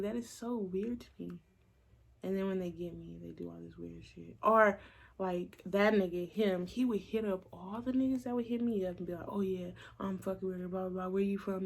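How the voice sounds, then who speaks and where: Blunt, gravelly young woman vlogger. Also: medium pitch. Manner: blunt, profane, animated retelling with quoted voices. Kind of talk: casual storytime chat.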